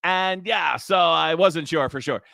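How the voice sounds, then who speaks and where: A man hosting a casual talk show, his voice sitting notably high for a man. He rambles along chattily, backing up and restarting his sentences. The sound is dry and close, with no room echo. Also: unhurried, gravelly, bright, forceful tone.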